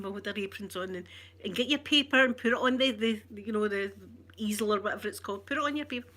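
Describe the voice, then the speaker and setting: A Scottish woman telling a childhood story in chatty, animated ASMR style, often laughing. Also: mid-range voice, fast.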